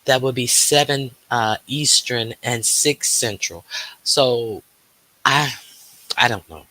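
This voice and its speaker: Male livestream host, relaxed unhurried pace, bright tense tone, chatty, greets viewers one by one. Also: medium pitch. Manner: greets viewers by name, chatty with many fillers. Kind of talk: casual livestream chat.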